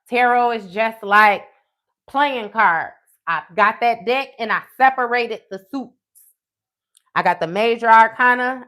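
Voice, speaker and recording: A woman tells a personal story in a live stream, animated and profane, often checking in with "okay?". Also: medium pitch. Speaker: tarot reader.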